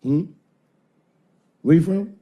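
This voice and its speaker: A man's voice: a little high, slow, dark tone. A man in his forties doing profane, conversational stand-up comedy, working the crowd on a live stage. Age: 40s.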